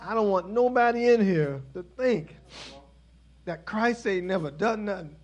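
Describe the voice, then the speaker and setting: A man preaching a sermon in an emphatic, repetitive call-and-response style, building in intensity and then softening. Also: sits high, animated, measured pace, highs cut off.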